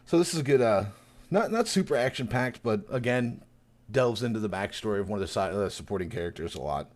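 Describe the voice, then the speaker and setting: A man's voice: lowish voice, fast talker. A man recapping a story in a casual podcast chat, acting it out eagerly and laughing often. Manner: animated storyteller who acts out quotes, laughs often. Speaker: podcast co-host, new reader.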